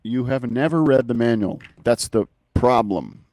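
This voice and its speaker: A man's voice: medium pitch, unhurried, no echo. A man hosting a live web show, teasing his co-host in playful banter. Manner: jokey, teasing, deadpan silly.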